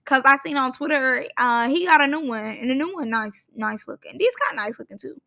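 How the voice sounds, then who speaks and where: A woman's voice: sits high, brisk, gravelly, sharp tone. A young woman giving a chatty, slangy recap of a reality show, acting out quotes as she goes. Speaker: reality TV reviewer. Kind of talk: casual recap commentary.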